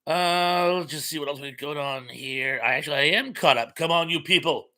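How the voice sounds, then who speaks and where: A man's voice: medium pitch, fast talker, bright, forceful tone. A man hosting a live stream, chatting casually as he reads out viewer comments in a friendly, rambling way with many fillers.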